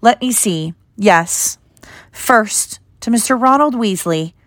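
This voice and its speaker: A woman's voice: medium pitch, lively intonation, a bit bright, dry recording, studio quality. Dumbledore, woman as a cheery old headmaster. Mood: cheerful. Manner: cheerful, measured, grand announcing.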